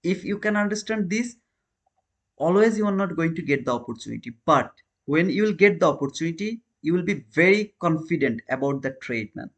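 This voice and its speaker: Guy live trading stream, kinda high voice, english, earnest, keeps saying man and brother. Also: expressive, fairly quick. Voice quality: non-native English, repeats phrases. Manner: earnest, questions viewers, calls them man and brother.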